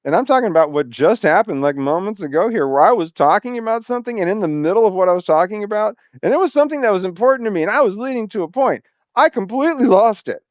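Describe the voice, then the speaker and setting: A man's voice: sits high, animated, fast talker, no room sound, highs cut off. A man talking to camera in a rambling personal vlog, often losing his thread and swearing a lot. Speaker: vlogger.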